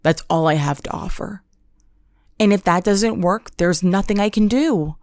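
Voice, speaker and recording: A young adult woman hosting a podcast, telling a comedic monologue with deadpan, dramatic exaggeration. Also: mid-range voice, measured pace, no room sound, clean studio sound. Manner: deadpan, dramatic storytelling with self-mocking exaggeration. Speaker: podcast host.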